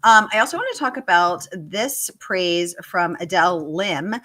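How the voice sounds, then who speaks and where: Bubbly lady hosting a book livestream, bright voice, gushes a lot. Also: on the low side, lively intonation, measured pace. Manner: bubbly, gushing, reads viewer questions aloud. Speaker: host. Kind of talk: livestream author Q&A.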